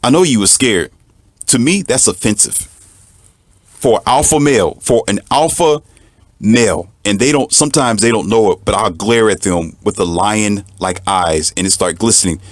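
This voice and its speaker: A man delivering an emphatic, preachy monologue, repeating lines for effect and mocking others in a high put-on voice. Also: normal speed, no room sound. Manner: mocks others in a high mincing voice. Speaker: commentator. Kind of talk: monologue to the camera.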